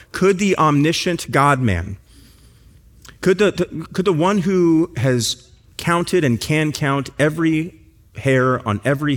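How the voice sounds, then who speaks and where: A man delivers a sermon from the pulpit, pressing his points home with earnest, repeated phrases. His voice sits in an ordinary middle range, neither deep nor high. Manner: earnest preaching with emphatic repetition. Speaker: pastor.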